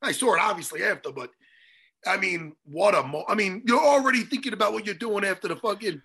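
A man's voice: high-pitched, fairly quick, husky. A man in a casual chat who swears freely, tells stories and teases his friends. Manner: profane, animated, joking.

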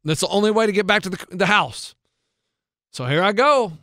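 A young adult man, a coach, casually telling an animated story and acting out the people in it. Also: sits high, moderate pace, dry recording, clean studio sound. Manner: animated, acts out shouted quotes.

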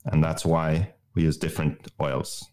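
Male co-host, methodical explainer. Deep voice. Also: flat delivery, measured pace, darkish tone. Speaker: podcast co-host. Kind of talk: technical explanation in casual chat.

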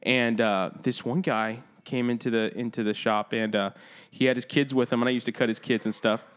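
A man's voice: mid-range voice, little pitch movement, brisk, clear, resonant tone. Casual male podcast guest from Florida; rambling anecdote delivery with frequent fillers. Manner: rambling storyteller, many fillers.

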